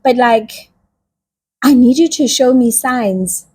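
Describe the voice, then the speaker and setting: A woman's voice: fairly high pitch, slow pace, warm tone, breathy edge. A woman voicing a nervous young man, Moses, who stammers and pleads in casual slang. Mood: pleading.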